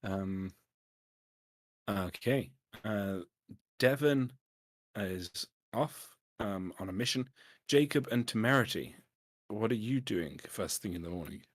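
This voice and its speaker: A man running a tabletop game as game master, laid-back and quick to laugh. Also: lowish voice, lively intonation, no echo, studio quality.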